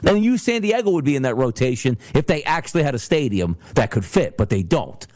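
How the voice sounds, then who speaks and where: A man hosting a solo sports talk show, ranting in an animated way and slipping into mocking voices. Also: medium pitch, fairly quick, no echo. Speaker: sports podcast host.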